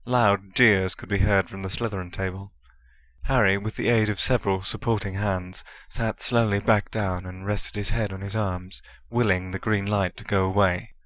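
A man with a fairly low voice narrates a story at an even, steady pace. The reading has a close, dry sound with no room around it. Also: moderate pace, dry recording.

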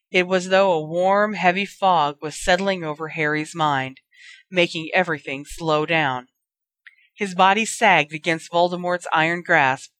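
A woman reads a story aloud in a steady, even narrating voice. Her pitch sits a little low, and the recording is dry and close. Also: no echo. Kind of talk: reading fan fiction aloud.

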